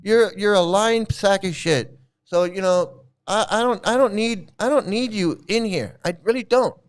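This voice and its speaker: A man's voice: sits high, normal speed. Man on a heated, profane rant. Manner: heated, profane, repetitive ranting. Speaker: channel host. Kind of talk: angry ranting vlog commentary.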